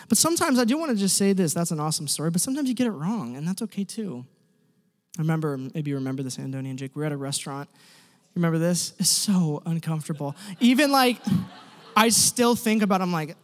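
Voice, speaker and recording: A young man giving a sermon, telling stories in an animated, self-deprecating way with quick restarts. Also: sits high. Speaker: pastor. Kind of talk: sermon storytelling. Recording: echoey hall.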